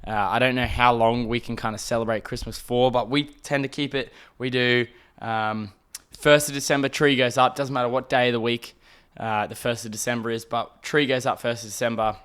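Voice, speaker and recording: Young Australian man, podcast host, smooth voice, casual swearing storyteller, rambling. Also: mid-range voice, fairly even intonation, a little fast, fairly bright tone. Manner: rambling, swears often, acts out quotes. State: throat irritated by smoke.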